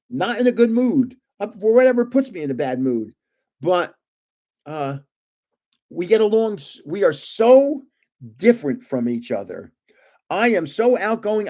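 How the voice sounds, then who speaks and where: An older man chats to his viewers in a rambling, easygoing way, full of fillers, false starts and little chuckles. His voice sits a touch higher than most men's. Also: dark tone. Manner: rambling, talkative, frequent uh fillers and restarts. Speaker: card collecting channel host. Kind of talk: casual chat to viewers.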